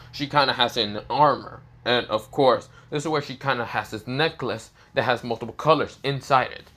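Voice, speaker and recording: A man's voice: mid-range voice, sharp tone. A man with a sore throat telling an improvised fan story, rambling and full of fillers and restarts.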